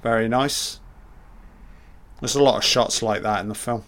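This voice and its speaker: A man's voice: mid-range voice, steady tone, normal speed, a bit bright. A man giving casual film commentary in short, admiring remarks, swearing often.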